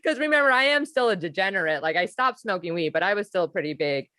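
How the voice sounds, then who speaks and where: A woman hosting a podcast in casual chat, loose and quick to laugh. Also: medium pitch, expressive, bright, forceful tone, dry recording, clean studio sound. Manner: laughs easily, loose and chatty. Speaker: podcast host.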